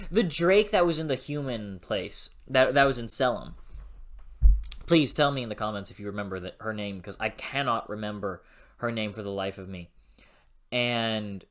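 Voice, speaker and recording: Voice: mid-range voice, pushed and bright. A book reviewer in a casual video review, swearing freely, laughing often and losing the train of thought. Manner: frequent laughter.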